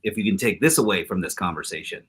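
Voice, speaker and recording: A man with a husky voice co-hosts a casual talk. His pitch swings widely as he makes his points emphatically, and he acts out quotes from his stories. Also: lively intonation, fast talker, fairly bright tone. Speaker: co-host. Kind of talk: casual chat.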